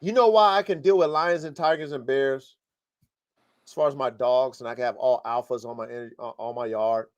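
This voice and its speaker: A man's voice: mid-range voice, steady tone, normal speed. A man hosting a live podcast, coaching dog breeders in a blunt, profane, fired-up way. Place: home studio, live stream.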